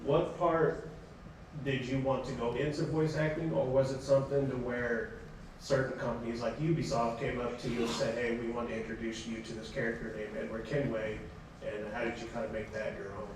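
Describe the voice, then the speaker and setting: A man's voice: medium pitch, flat delivery, fairly quick. A man moderating a convention panel, asking friendly, rambling questions. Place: large convention hall. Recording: very echoey hall, distant, some noise.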